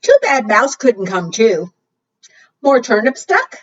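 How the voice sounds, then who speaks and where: A woman's voice: fairly high pitch, very animated, takes it slowly, husky, full character voice. A woman voicing a sly, mock-polite male dog from a picture book. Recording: distant, dull lo-fi sound.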